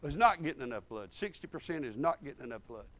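A man preaching a sermon in a folksy, animated storytelling way. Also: mid-range voice, fast talker.

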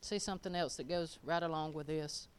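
A middle-aged woman preaching a sermon in a folksy, emphatic way, swinging from loud declarations to quiet, chuckling asides. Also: low voice, fairly even intonation, brisk, clean tone.

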